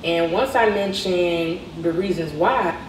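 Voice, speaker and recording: Slowly and in a fairly low voice, a young woman narrates a personal storytime, acting out its characters and recounting their dialogue conversationally. Her clip plays within a reaction video and sounds echoey and far away, with a little hiss or hum.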